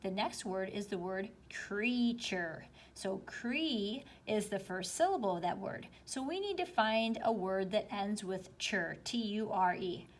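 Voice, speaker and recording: A woman teacher walks students through a spelling worksheet slowly and patiently, explaining each answer step by step. Her voice sits at a middle pitch for a woman. A faint hiss of background noise runs under the recording. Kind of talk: spelling lesson walkthrough.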